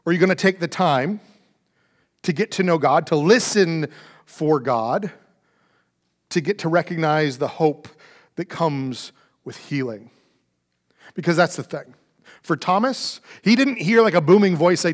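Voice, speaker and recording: High-voiced preaching man. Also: normal speed. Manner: earnest preaching, rises loud then drops very soft; repeats phrases, small restarts. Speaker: pastor. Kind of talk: sermon.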